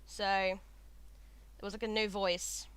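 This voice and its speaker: A woman with an Australian accent, chatting and reacting excitedly while playing a game, swearing freely. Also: medium pitch, slow, clean tone. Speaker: gaming streamer. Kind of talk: casual let's-play commentary. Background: game music.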